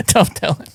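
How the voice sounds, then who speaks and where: A man's voice: fairly bright tone, no room sound, studio quality. A man hosting a podcast in casual chat, laid-back and skeptical. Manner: laid-back, skeptical, reads results aloud. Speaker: podcast host.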